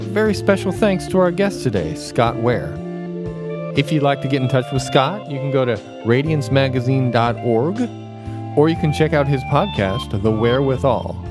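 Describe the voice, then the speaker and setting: A man, the show's producer, reading a scripted podcast outro in a friendly, announcer-like way. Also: medium pitch. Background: guitar theme music.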